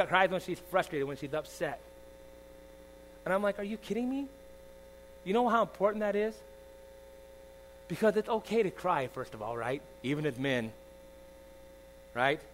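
A man in his forties preaching a sermon, swinging from loud emphatic lines to soft confiding asides, often asking the congregation "all right?". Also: fairly high pitch, low-quality recording. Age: 40s. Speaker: pastor. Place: church. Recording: faint mains hum.

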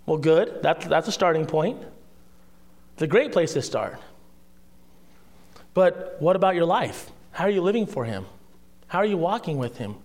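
A man preaching a sermon in a conversational way, asking rhetorical questions and dropping to a hushed voice for emphasis. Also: high-pitched. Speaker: pastor.

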